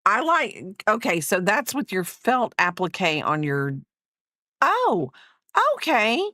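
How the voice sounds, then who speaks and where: A woman's voice: mid-range voice, very animated, slow pace, bright, forceful tone, dry recording, clean studio sound. A woman crocheting on a livestream, chatting casually in a rambling, self-mocking way, laughing often and talking to her viewers and her dog at home. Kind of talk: casual chat while crafting on a livestream.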